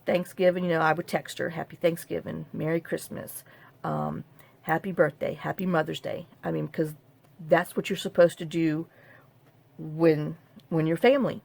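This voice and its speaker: Gravelly-voiced woman telling a rambling story. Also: lowish voice, a little mellow. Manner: rambling, self-interrupting, half-joking. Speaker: craft vlogger. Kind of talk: casual storytelling to camera.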